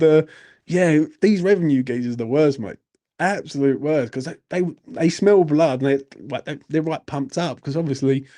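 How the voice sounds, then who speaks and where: Sweary bloke telling a story. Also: male voice, mid-range voice. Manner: swearing, animated anecdote with laughs and "mate". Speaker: football channel host. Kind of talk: late-night casual storytelling.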